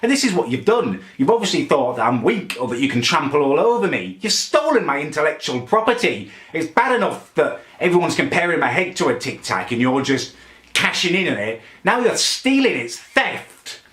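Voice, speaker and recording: A man's voice: a little high, sing-song, normal speed, a bit bright. A man playing a petty, self-righteous young man who rants indignantly to camera in a comic vlog. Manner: indignant, pompous, builds into angry outbursts. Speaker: comedy character vlogger. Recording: echoey room.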